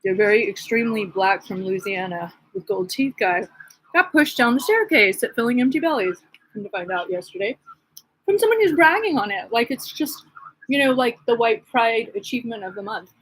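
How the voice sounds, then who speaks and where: A woman's voice: on the high side, expressive, moderate pace, fairly bright tone, husky, rough recording. A woman vlogging in a rambling, casual monologue, gossipy and agitated, with many fillers.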